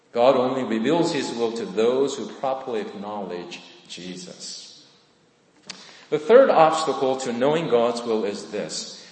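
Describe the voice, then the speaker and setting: A male pastor delivers a sermon in an earnest, emphatic way, leaning on his key points. His voice sits at an ordinary middle pitch. It rings out with a long reverb through a large church hall. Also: a little mellow.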